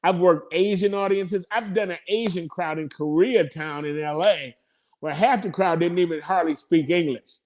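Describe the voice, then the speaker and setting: A man's voice: sits high, moderate pace, a little mellow, a little hiss or hum. Profane, laughing man in his fifties. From United States. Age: 50s. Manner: profane, laughing, rambling comic asides. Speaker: comedian guest. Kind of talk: casual interview storytelling.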